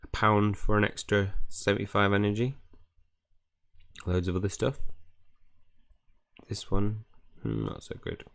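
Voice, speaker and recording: A man with a very low voice commenting on a game playthrough. He reads the on-screen dialogue aloud in a loose, offhand way, slipping in his own asides. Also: fairly even intonation, measured pace, creaky, pauses often. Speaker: gamer reading dialogue.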